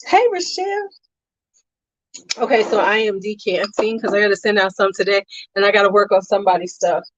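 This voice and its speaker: A woman's voice: mid-range voice, little pitch movement, fast talker, a bit bright, no echo. Chatty woman livestreamer, dull dry sound. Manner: chatty, greets viewers by name, slangy asides. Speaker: beauty and fragrance livestreamer. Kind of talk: casual livestream chat. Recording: slightly dull, dry home recording.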